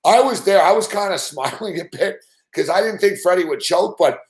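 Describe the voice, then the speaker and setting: A man hosting a late-night sports betting rant, swearing and yelling excitedly at the game while telling stories. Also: high-pitched, normal speed. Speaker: sports betting show host. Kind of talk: live rant while watching games.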